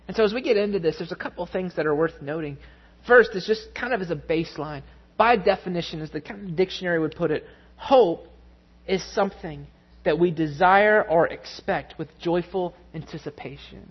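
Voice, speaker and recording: A man preaching a sermon, telling a family story with lively, animated delivery. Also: high voice, fairly quick, slightly rough, highs cut off. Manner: storytelling, animated, mimics voices in anecdotes. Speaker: pastor.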